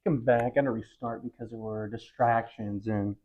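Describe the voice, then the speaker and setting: A man's voice: medium pitch, steady tone, moderate pace. Rambling, frustrated man vlogging from home. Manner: rambling, frequent ums, frustrated. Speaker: vlog host. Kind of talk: casual rambling monologue. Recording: slightly dull lo-fi recording.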